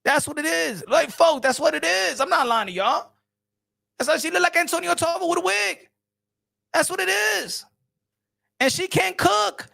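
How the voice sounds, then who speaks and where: A man hosting casual boxing reaction commentary, animated and repetitive, slangy, often laughing and calling his viewers folks. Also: extremely high pitch, normal speed, creaky, long pauses.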